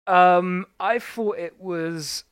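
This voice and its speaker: A man in a casual chat about a book, relaxed and a little hesitant. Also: sits high, very slow, clean tone, dry recording, studio quality.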